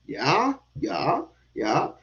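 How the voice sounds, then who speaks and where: A man talking politics in a casual chat, animated and given to repeating words and casual swearing. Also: mid-range voice, extremely slow. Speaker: podcast host. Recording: dull lo-fi sound.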